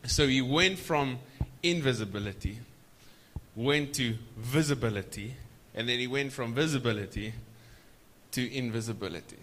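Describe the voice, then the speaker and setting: Guy preaching at a conference, mid-pitched voice, drags out the big words slow, keeps asking the crowd to respond. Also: a bit bright, a little hiss or hum. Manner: stretches key words slowly for emphasis; prompts the audience to respond. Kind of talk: sermon. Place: church conference.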